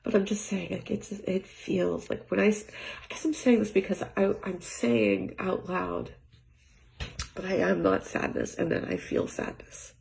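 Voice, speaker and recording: A woman talking through her feelings in a rambling personal monologue at home, often dropping to a near-whisper, with halting restarts and light laughs. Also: medium pitch, lively intonation, creaky. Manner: soft-spoken, often trailing into near-whispers. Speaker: vlogger. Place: home with cats.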